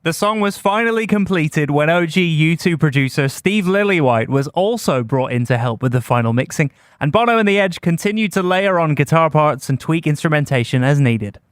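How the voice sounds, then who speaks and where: A man hosting a music history podcast, reading scripted narration in a measured storytelling way. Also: a little high, animated, clear, resonant tone, no echo, clean studio sound. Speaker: podcast host.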